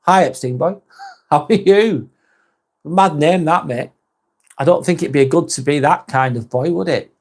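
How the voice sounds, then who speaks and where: A man's voice: fairly high pitch, unhurried, pauses often, darkish tone. A man hosting a casual live vlog, reading viewer comments aloud and chatting with them, swearing casually. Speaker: live stream host reading chat.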